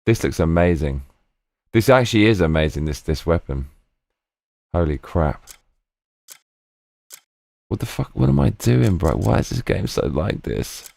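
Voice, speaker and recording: A man with a low voice streams a game live, talking half to himself. He mutters frustrated, scattered reactions as he plays and answers chat. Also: big pitch swings, unhurried, vocal fry, long pauses, darkish tone, no room sound. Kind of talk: live gameplay commentary.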